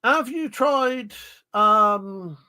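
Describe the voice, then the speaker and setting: A man's voice: high voice, extremely slow, pushed and bright, smooth. A man hosting a casual livestream, chatting loosely and reading viewers' comments aloud, rambling and swearing freely with many fillers and restarts. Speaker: livestream host.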